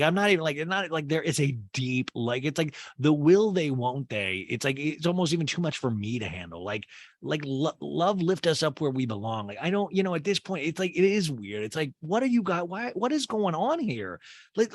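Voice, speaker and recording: A man hosting a comedic TV recap, rambling and excitable, full of "like" and asides. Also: fairly high pitch, dry recording. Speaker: recap show host.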